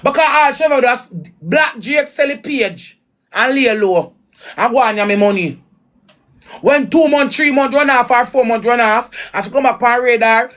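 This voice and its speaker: A woman's voice: on the high side, a bit bright. A woman with a Jamaican accent giving blunt, repetitive commentary in patois on a reaction vlog.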